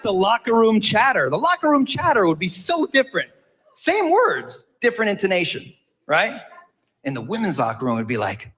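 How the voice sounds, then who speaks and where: A man's voice: on the high side, sing-song, moderate pace, long reverb tail, noisy background. A man performing a comedy bit, mimicking other voices with lots of laughter.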